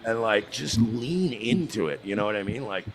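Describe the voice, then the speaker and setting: A man's voice: fairly low pitch, expressive, moderate pace. A man from the United States telling crude, boastful stories in casual chat, with frequent restarts.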